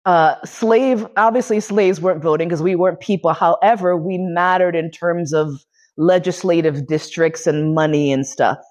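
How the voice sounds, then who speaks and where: She's a podcast host from New York City giving a lecture, and her voice is lowish with a darkish tone at a moderate pace. The story she tells is loose and profane, punctuated by frequent laughter.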